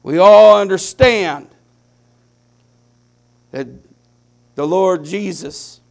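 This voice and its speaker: A man preaching a sermon, with impassioned swings between hushed, quiet lines and loud climaxes, drawing his phrases out slowly. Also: high voice, creaky. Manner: slow, deliberate preaching with drawn-out phrases.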